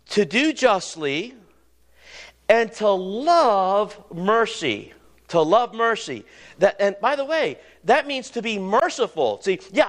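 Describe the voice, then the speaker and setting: A male preacher with a high, lively voice that swoops up and down as he delivers a sermon. He leans into points with sudden drops and rises, and slows to a measured cadence whenever he reads scripture aloud. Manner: animated, rising and falling, quoting scripture in slow stately tones. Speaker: pastor.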